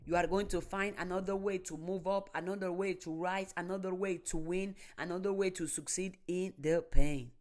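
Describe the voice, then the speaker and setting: A woman delivering a motivational monologue, slow and deliberate, repeating and building her phrases with emphasis. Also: on the low side, fairly even intonation, a little mellow. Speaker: motivational speaker.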